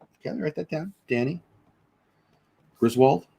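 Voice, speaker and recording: A man hosting a casual livestream, chatting and thinking out loud as he answers viewers. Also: fairly high pitch, expressive, normal speed, gravelly, slightly rough. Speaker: livestream host. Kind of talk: casual livestream chat reading comments.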